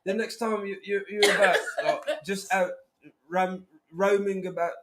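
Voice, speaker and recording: A man co-hosting a casual livestream chat, joking and bantering playfully with his co-host and greeting viewers in a relaxed, slangy way. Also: high voice, a little slow.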